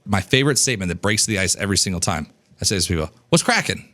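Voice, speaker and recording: A man in his thirties teaching business coaching in an energetic, casual way, acting out snippets of dialogue and swearing now and then. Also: very fast. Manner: animated, acts out dialogue in a higher voice, casual swearing.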